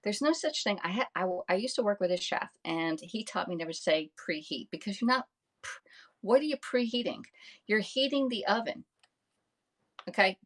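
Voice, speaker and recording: A woman with a slightly low voice runs a casual live cooking stream in her home kitchen, talking into a phone camera. She chats along and thanks viewers by name, and she keeps checking in with "all right?" at the ends of her lines.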